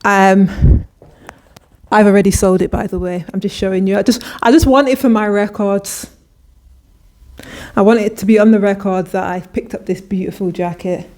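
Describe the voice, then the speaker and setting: A woman's voice: mid-range voice, steady tone, moderate pace, a little mellow. A woman vlogger talking casually and enthusiastically through a clothing try-on haul, often restarting her sentences. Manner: chatty, enthusiastic, with frequent restarts.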